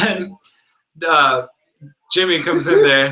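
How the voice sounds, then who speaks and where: Bright-voiced young man telling stories. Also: fairly high pitch, slow pace, rough recording. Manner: rambling storyteller, lots of filler words. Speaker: podcast co-host. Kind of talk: casual chat.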